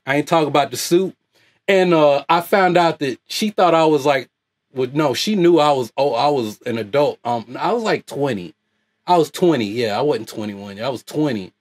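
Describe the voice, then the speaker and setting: A man from the United States, hosting his own online channel with a loud, profane, off-the-cuff rant and frequent laughter. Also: mid-range voice, moderate pace. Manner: loud, animated, laughs often. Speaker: YouTube host.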